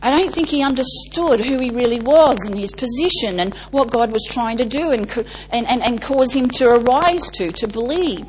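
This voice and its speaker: A woman's voice: on the high side, animated, normal speed, hardly any pauses, slight background noise, low-quality recording. A woman preacher delivering an emphatic sermon, stacking lists and asking the congregation rhetorical questions.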